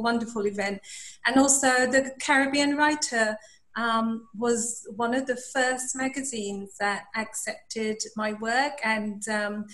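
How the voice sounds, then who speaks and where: A woman from Dominica with an English accent, reading her poem on a video call, brisk in talk and measured in recital. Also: on the high side, a bit bright. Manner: quick, slowing to a measured recital. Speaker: poet. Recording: roomy echo.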